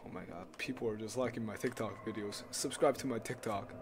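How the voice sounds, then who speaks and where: A man's voice: fairly low pitch, brisk, noisy background. A young man playing a horror game and commenting live, swearing a lot, yelping at scares and repeating himself. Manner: swearing, jumpy, yelps and screams at scares; loud, excitable, repeats himself. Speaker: gaming YouTuber.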